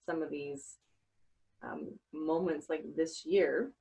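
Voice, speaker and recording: A woman's voice: low voice, steady tone, takes it slowly, gravelly, mellow, husky, poor audio. A woman hosting a podcast interview, talking earnestly and reflectively with many fillers. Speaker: podcast host. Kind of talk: casual interview chat.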